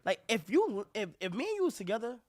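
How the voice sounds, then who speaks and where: A young man bantering on a livestream, playful and quick to react, laughing often. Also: high voice, big pitch swings, no room sound.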